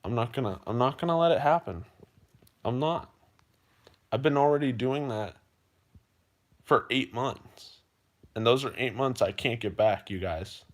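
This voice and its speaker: Unhurried and medium-pitched, this man pauses often as he addresses his livestream audience. He talks earnestly and emotionally, repeating himself and calling them "you guys" in a heartfelt monologue.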